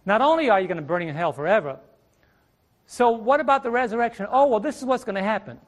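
A man's voice: sits high, expressive, quick pace. A middle-aged man preaching a sermon from a stage, emphatic, throwing rhetorical questions at the congregation and drawing out key words. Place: church stage. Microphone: stage microphone.

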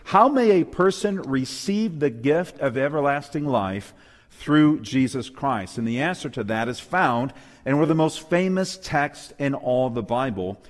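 A man's voice: medium pitch, lively intonation, unhurried, big-room sound. A man preaching a sermon to a church audience, emphatic and calling out for amens. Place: church hall with a live and online audience.

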